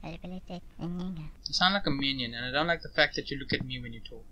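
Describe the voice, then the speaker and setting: A man's voice: fairly high pitch, moderate pace, pushed and bright, a little hiss or hum, low-quality recording. A man hosting a gaming channel, chatting through a horror game in a joking way, talking back to the character and startling easily. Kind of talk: casual let's-play commentary.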